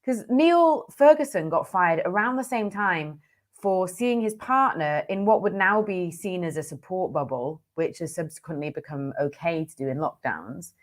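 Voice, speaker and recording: A woman's voice: on the low side, lively intonation, normal speed. A woman co-hosting a political chat, talking in an emphatic, conversational way with plenty of fillers.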